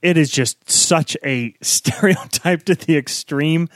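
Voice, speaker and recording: A man's voice: fairly high pitch, takes it slowly, dry recording. A man co-hosting a podcast, joking and laughing through loose, profane film talk. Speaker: podcast co-host. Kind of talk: casual film-review chat.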